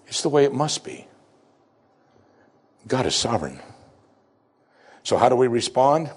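A man with a fairly low voice delivers a sermon to his congregation. He tells a story with deliberate dramatic pauses, and he slows down to stress the lines that matter. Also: lively intonation, husky. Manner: emphatic, slows for key phrases. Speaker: pastor.

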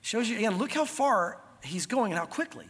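A man's voice: high-pitched, very animated, fairly quick, a bit bright, breathy edge, big-room sound. A man preaching an expository sermon, explaining scripture and acting out the biblical characters as he goes. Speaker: pastor.

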